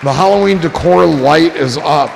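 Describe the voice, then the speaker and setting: His voice sits on the high side and moves at a normal speed as he hosts a livestream, chatting aimlessly, cursing, joking, and letting thoughts trail off. Music and crowd noise are clearly heard behind him.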